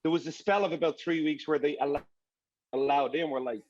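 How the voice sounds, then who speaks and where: Male soccer broadcaster, highish voice, lively with stop-start restarts, muffled dry feed. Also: fairly quick, slight background noise. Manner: animated, repeats words as he restarts. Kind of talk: casual panel discussion.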